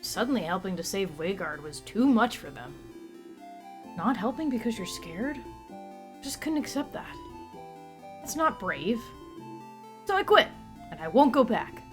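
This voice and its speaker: A woman voicing an earnest young male warrior in a game, in a slightly deep-ish voice as she reads his lines aloud. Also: expressive, unhurried, pauses often, over music, close to an everyday voice.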